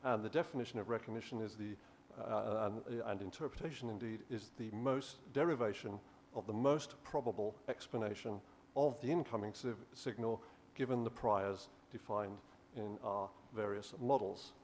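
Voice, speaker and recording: A man's voice: on the low side, moderate pace, darkish tone, slight background noise. A male professor giving a conference lecture, explaining steadily with frequent restarts. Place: conference hall.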